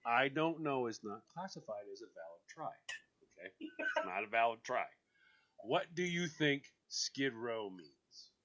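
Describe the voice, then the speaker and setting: Guy hosting a radio chat, lively bright voice, jokey and fast-talking. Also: mid-range voice, lo-fi sound. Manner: animated, joking, quick bursts of excitement; laughs often while talking. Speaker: radio show host. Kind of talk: casual radio banter.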